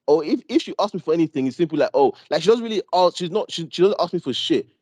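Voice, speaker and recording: A man with a British accent telling a casual story on a podcast, animated, laughing, full of street slang. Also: a little high, fast, dry recording. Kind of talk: casual chat.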